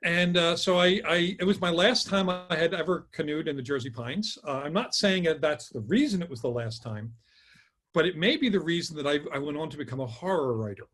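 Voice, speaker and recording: Husky high-voiced man telling a story. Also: fairly quick. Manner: animated, acts out quotes. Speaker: guest author. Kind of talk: casual storytelling.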